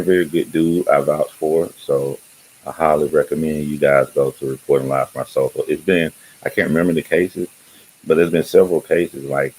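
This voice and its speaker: A man's voice: very deep voice, a little mellow, slight background noise, poor audio. A man hosting his own channel, talking loosely and rambling in casual livestream chat, often laughing. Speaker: YouTube channel host.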